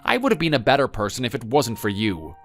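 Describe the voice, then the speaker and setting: A man's voice: medium pitch, wildly swooping pitch, fast, fairly bright tone, faint music behind. A man playing a resentful grown son. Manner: defensive, accusing. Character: resentful grown son who blames his mother. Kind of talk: scripted text-story drama.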